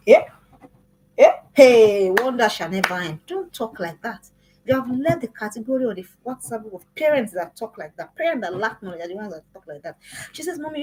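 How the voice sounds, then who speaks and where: A woman teaching a class for parents, talking in an emphatic, repetitive, preaching way with a husky voice. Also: mid-range voice, darkish tone, poor audio. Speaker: parenting coach.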